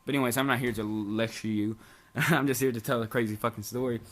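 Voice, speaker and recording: Fast-talking young man telling a story. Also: medium pitch. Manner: rapid, animated, heavy swearing. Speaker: vlogger. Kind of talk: casual storytelling vlog.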